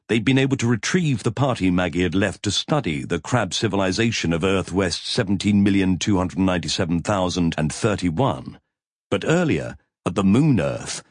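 A man narrating an audiobook in an expressive storytelling manner. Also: low voice, dry recording, clean studio sound. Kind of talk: scripted narration.

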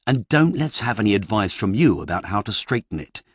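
A man voicing a flustered writer who talks in a fussy, rambling, exasperated way, pitched up from his reading voice, in an audiobook. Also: sing-song, a little fast, husky, dry recording, studio quality. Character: flustered middle-aged male fantasy writer.

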